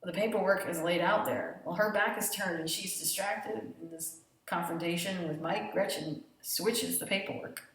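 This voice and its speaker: A woman casually recapping a TV episode, animated, blunt and full of swearing. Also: fairly low pitch, moderate pace. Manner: animated retelling, profane and blunt. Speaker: TV show reviewer. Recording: very echoey room, distant mic.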